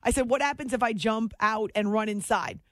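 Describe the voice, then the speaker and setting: With a slightly high voice and a fairly quick delivery, a woman tells a lively, chatty story on her late-night sports radio show, laughing often. She's in a station studio with no room sound.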